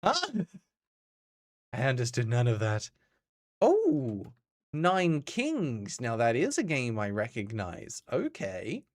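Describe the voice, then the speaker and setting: Lively Australian man streaming games. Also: medium pitch. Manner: chatty, lively, reads and answers chat. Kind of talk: casual live-stream chat.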